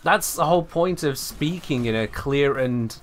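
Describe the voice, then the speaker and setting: A male game streamer giving live commentary, speaking with sweeping highs and lows like an old-time radio host. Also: measured pace, soft background music.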